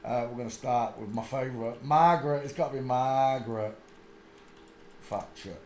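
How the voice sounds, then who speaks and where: A man's voice: mid-range voice, moderate pace. A man talking casually to himself as he searches for pictures on screen, muttering and then bursting out laughing. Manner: rambling, mutters to himself, sudden loud laughing outbursts. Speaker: channel host. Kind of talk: casual commentary while searching images on screen. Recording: echoey room with faint ambient noise.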